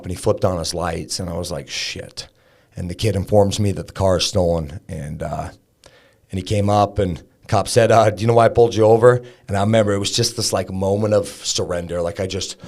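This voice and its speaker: A man in his thirties, a podcast guest, candidly telling a personal story in a conversational way, full of fillers and restarts. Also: on the low side.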